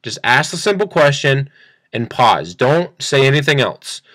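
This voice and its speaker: A man teaching a sales pitch in an upbeat, repetitive way, acting out both sides of a phone call. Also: very animated, a little slow, fairly bright tone, no echo. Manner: upbeat, repeats phrases, acts out phone dialogue. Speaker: sales coach. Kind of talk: screen-share training talk.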